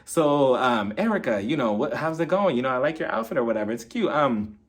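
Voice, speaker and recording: A man's voice: medium pitch, expressive, fairly quick, voice pushed down, natural voice. A man imitating a fake-sweet reality TV woman in a hesitant, wheedling voice.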